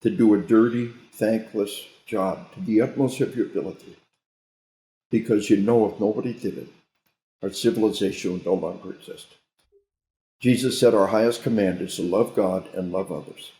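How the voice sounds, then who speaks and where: A man speaking as a guest in an interview, preachy and emphatic, with frequent restarts. His voice is low, dark and mellow. It sits in a roomy, echoey space. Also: normal speed. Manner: emphatic, sermon-like, with repeated restarts. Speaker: guest military trainer. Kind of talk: interview talk, preachy storytelling. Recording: roomy echo.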